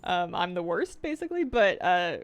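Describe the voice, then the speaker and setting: A woman's voice: fairly low pitch, sing-song, moderate pace, a little hiss or hum. A young woman streaming a game, chatting playfully and rambling with self-deprecating jokes and frequent laughs. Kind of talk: casual stream chat.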